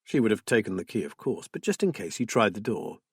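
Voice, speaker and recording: A man reading a suspense novel aloud in measured, subdued scripted narration. His voice is husky, with an even middle pitch, and the recording is close and completely dry with no room sound. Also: dry recording. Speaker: audiobook narrator.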